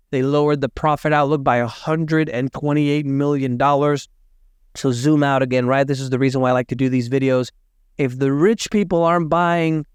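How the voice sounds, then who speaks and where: A man giving casual commentary on market and economic news, thinking aloud, hedging his facts and doing quick math as he talks. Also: medium pitch, clean tone, dry recording, studio quality.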